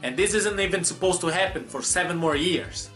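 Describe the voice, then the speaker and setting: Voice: mid-range voice, brisk, loud music behind the voice. A movie reviewer talking through a film with sarcastic commentary. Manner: sarcastic, animated.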